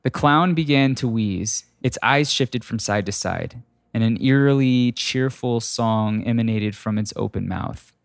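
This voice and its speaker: Dry, deadpan male storyteller. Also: medium pitch, unhurried, gravelly, no echo. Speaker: narrator. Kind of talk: storytelling narration.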